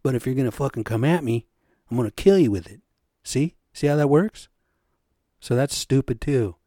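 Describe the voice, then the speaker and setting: A man's voice: mid-range voice, animated, normal speed, mellow, no echo, clean studio sound. A man hosting a solo podcast, ranting in a profane, agitated way. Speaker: podcast host.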